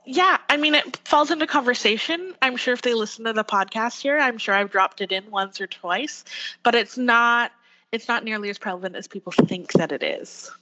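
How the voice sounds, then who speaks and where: A woman's voice: fairly high pitch, normal speed, sharp tone, lo-fi sound. A woman with a West Coast Canadian accent, an actor chatting as a podcast guest, upbeat and full of fillers. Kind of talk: casual podcast interview.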